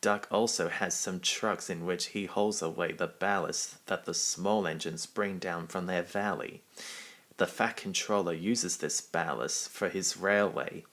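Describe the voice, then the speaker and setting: A man's voice: sits low, fairly even intonation, measured pace, fairly bright tone. A man reading a children's railway storybook aloud, giving the characters their own voices.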